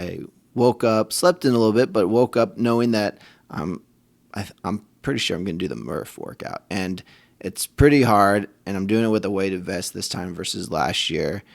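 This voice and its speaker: This is a man with a low-pitched voice hosting a podcast for fathers. He tells a personal story in a candid, conversational way and pokes fun at himself. Faint music plays underneath. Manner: candid, self-deprecating, conversational. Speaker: podcast host.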